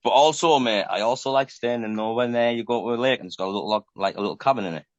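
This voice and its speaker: A man's voice: medium pitch, very fast, no room sound, dull audio. A man, chatting casually as a podcast guest and tacking "mate" onto nearly every sentence. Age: 30s. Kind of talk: casual chat.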